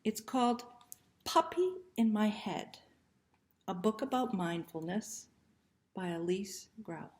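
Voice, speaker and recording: Animated yet gentle, a woman librarian reads a picture book to children at a slow pace with frequent pauses. Her voice is medium in pitch and soft-spoken, often sinking into a hushed near-whisper as she asks the children questions.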